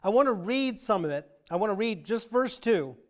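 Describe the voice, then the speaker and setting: Higher-voiced man teaching a Bible class. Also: expressive, moderate pace. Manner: thinking aloud with frequent restarts and dry asides. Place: church classroom.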